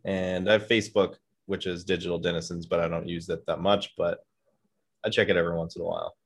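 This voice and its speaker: A man guesting on a podcast, giving short reactions and a slightly halting plug in casual chat. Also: low-pitched, flat delivery. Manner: brief reactions, a bit hesitant.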